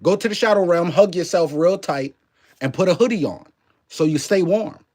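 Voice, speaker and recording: Chatty streamer with a New Orleans–Canadian accent. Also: male voice, high voice, moderate pace, a little mellow. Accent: mix of New Orleans and Canadian. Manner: loose and chatty, swears freely, greets chat viewers by name. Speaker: livestream host. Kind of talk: casual live-stream commentary.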